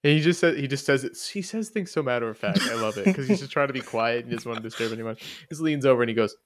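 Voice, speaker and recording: A man's voice: medium pitch, lively intonation, quick pace. A young man co-hosting a podcast, chatting casually about a movie in a loose, filler-heavy way. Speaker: podcast co-host. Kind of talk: casual movie review chat.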